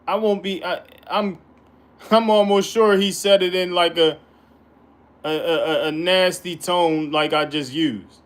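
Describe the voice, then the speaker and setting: A man's voice: high-pitched, fairly even intonation, a little slow. A man teaching the Bible in an informal way, reading verses aloud and breaking in with colloquial, emphatic commentary.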